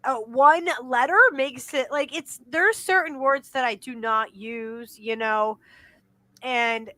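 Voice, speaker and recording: A woman's voice: on the high side, slow, a bit bright, dry recording. A woman co-hosting a casual podcast chat, blunt and indignant, swearing freely. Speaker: podcast co-host.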